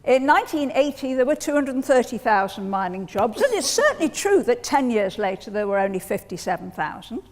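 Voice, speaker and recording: An older English woman giving a formal debate speech, wry and emphatic, with lively speechmaking. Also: fairly high pitch, brisk, few pauses. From England. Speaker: debate speaker. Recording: long hall reverb.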